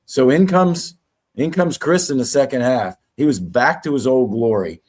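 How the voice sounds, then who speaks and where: A man on a fan watchalong, going through his takeaways from the match in a relaxed, joking way. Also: mid-range voice, normal speed. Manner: jokey, relaxed storytelling. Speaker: watchalong co-presenter. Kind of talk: casual podcast banter.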